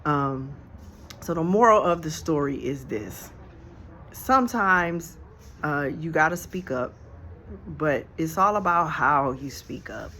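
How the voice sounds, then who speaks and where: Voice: mid-range voice, expressive, slow, bright, forceful tone, a little hiss or hum. A storyteller telling a real-life story in a casual, reflective, slangy way, recorded outdoors on a handheld phone. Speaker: storyteller vlogger. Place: outdoors on a porch. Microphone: phone held in hand.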